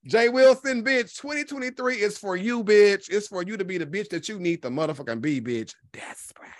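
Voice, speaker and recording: A foul-mouthed commentary vlogger with a mid-range voice, ranting with loads of sass and drawn-out emphasis. The sound is dry and close, with no room around it. The delivery keeps swinging between loud jabs and low asides. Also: dry recording. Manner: sassy, animated, swears constantly, drawn-out emphasis. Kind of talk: profane gossip commentary.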